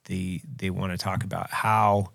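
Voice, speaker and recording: A man's voice: low voice, level tone, measured pace, vocal fry, fairly bright tone, no echo, clean studio sound. A man hosting a podcast, asking casual questions and answering with short affirmations. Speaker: podcast host.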